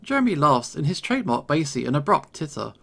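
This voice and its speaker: Male streamer narrating a visual novel, gravelly. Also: fairly high pitch, sing-song, quick pace, a bit bright. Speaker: game streamer. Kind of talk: reading a visual novel aloud.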